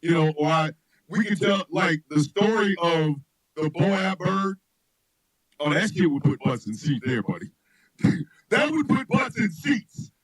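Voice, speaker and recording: A man hosting a radio show, chatting loosely and telling comic stories, laughing often and shouting his punchlines. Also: high-pitched, a little slow, rough recording. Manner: loud, laughing, animated storyteller who shouts punchlines. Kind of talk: loose comedic chat with storytelling.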